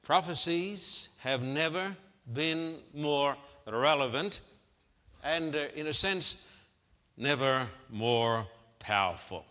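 A male preacher opens a sermon in a slow, measured way, stressing and repeating numbers for effect. His tone is bright and forceful, and his words ring out with the long reverb of a large hall. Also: a little high. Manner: emphatic, repeats figures for effect.

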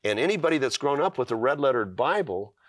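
A man's voice: medium pitch, very animated, quick pace, no echo, studio quality. A middle-aged man, a guest author, telling a personal story in an earnest way on a talk show, with fillers and restarts.

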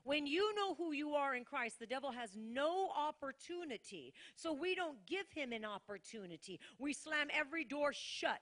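A woman's voice: high voice, animated, moderate pace, hardly any pauses, fairly bright tone. A woman pastor preaching a sermon to a congregation in a church, emphatic, repeating key lines and calling out to listeners.

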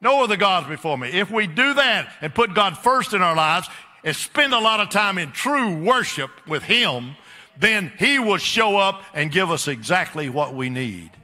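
A man's voice: high voice, big pitch swings, unhurried, sharp tone. A man preaching a sermon in a church, emphatic and repetitive, turning often to question the congregation. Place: church sanctuary. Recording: echoey church hall.

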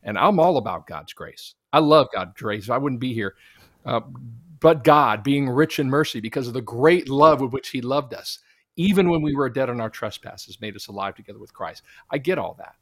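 A man's voice: medium pitch, expressive, moderate pace, fairly bright tone, no room sound. Earnest preaching man, dry close mic. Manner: earnest, preacherly, quotes scripture. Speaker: guest, Christian minister. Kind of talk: conversational interview testimony.

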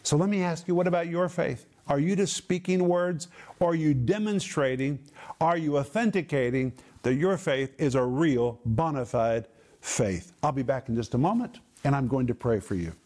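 A man giving a televised Bible teaching, reading scripture slowly and explaining the Greek words. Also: a little high, darkish tone. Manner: slow emphatic phrasing of scripture quotes.

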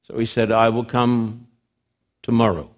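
A man preaching a sermon, swinging from loud emphasis to hushed drops, with slow, deliberate, repetitive phrasing. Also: medium pitch, level tone.

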